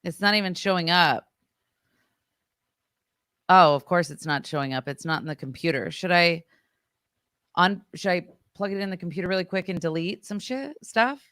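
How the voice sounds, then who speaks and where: Smooth, bright-toned woman co-host. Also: lowish voice, no room sound, clean studio sound. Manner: teasing and reactive, quick interjections. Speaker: podcast co-host. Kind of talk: casual chat.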